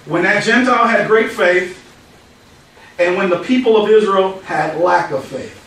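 A man's voice: high voice, unhurried, a bit bright. A man, a pastor, teaching the Bible verse by verse in a conversational way, quoting scripture and telling anecdotes. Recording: echoey hall, mic at a distance.

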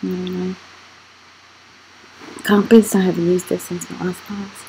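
A woman's voice: lowish voice, little pitch movement, unhurried, dark tone, a little hiss or hum, low-quality recording. A young adult woman hosting her channel, casually walking through her phone's apps and rambling as she wonders aloud why she keeps scrolling. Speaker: channel host. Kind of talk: casual screen walkthrough vlog.

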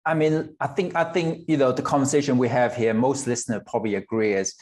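A man's voice: medium pitch, steady tone, quick pace, a little mellow. Candid man in his forties. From Hong Kong. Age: 40s. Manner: candid, swears casually, laughs between thoughts. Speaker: guest guitarist. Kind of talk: casual interview chat.

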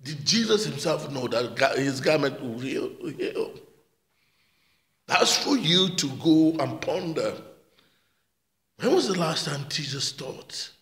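A man's voice: fairly high pitch, very animated, slow pace, long pauses, a bit bright. Passionate preacher man in an echoey church. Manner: passionate, repeats words, calls out amen and hallelujah. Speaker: pastor. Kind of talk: sermon. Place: church hall. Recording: echoey church hall with long reverb.

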